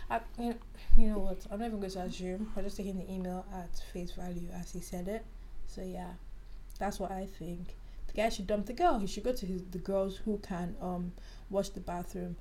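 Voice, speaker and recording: A woman's voice: medium pitch, a little mellow, a little hiss or hum. Blunt nasal woman podcast co-host. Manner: blunt, opinionated, repeats herself. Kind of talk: casual chat.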